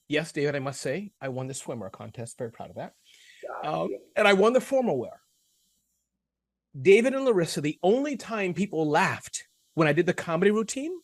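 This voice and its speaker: A man hosting a casual panel chat, telling self-deprecating stories in an animated way. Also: a little high, no echo. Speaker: host.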